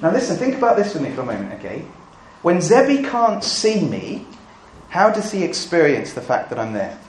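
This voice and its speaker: A man preaching a sermon, full of rhetorical questions and swinging between loud emphasis and hushed asides. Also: on the high side, wildly swooping pitch, moderate pace. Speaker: pastor.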